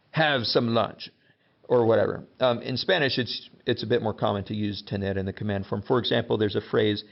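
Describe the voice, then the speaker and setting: A man's voice: on the low side, vocal fry, muffled recording. A male teacher giving a casual, joking lesson, acting out example commands as he goes.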